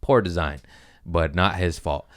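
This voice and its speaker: A man's voice: deep voice, unhurried. A man hosting a podcast, casually telling a rambling, profane story about his comedy gig.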